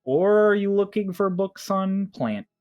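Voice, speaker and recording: A man voicing a big male furbolg shopkeeper who speaks slowly in broken, halting phrases. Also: sits high, lively intonation, no room sound, dull audio, faint music behind, voice pushed up. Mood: deliberate. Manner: slow, halting broken speech.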